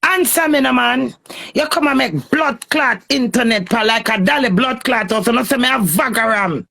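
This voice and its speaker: A woman's voice: a little high, moderate pace, creaky, fairly bright tone. A Jamaican woman in a heated, cursing, confrontational rant on a phone live stream.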